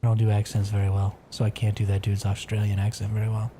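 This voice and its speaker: Male streamer, relaxed gameplay chatter to his chat, warm low voice, faint background noise. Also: fast. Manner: chatty, reads chat aloud. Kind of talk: casual gameplay commentary.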